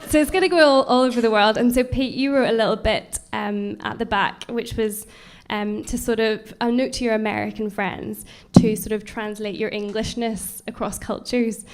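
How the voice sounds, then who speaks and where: A woman hosting a live book launch interview, friendly and filling pauses with lots of ums. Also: on the high side, steady tone. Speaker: interviewer and event host. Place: event venue with audience.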